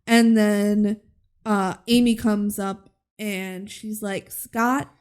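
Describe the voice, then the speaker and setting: A woman's voice: mid-range voice, flat delivery, slow, darkish tone. A woman co-hosting a podcast, casually recapping a movie, acting out characters' lines and laughing often. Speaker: podcast co-host.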